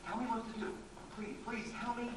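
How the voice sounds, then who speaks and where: An actor on a theatre stage playing an anxious, rambling, self-mocking middle-aged writer, recorded from far off in an echoey, noisy hall. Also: male voice, very high-pitched, little pitch movement, a little fast. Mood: pleading. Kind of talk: live stage acting. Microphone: distant room mic.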